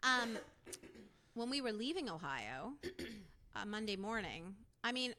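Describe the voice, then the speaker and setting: A woman co-hosting a podcast, telling a road-trip story in casual chat, animated and quick to laugh. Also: mid-range voice, slight background noise. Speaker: podcast co-host.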